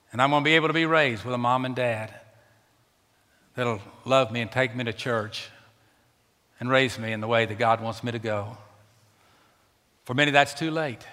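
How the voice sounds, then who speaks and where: Preaching his sermon in a church sanctuary, a pastor speaks emphatically, repeating words to drive points home. His voice is medium in pitch with a sharp tone. A large church's long reverb surrounds him.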